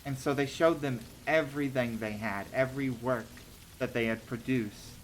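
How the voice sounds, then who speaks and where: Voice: medium pitch, moderate pace, a little hiss or hum. Hesitant streamer telling stories, lots of ums. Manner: hesitant, many ums and restarts; giggly, laughs between thoughts. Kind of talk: casual livestream storytelling.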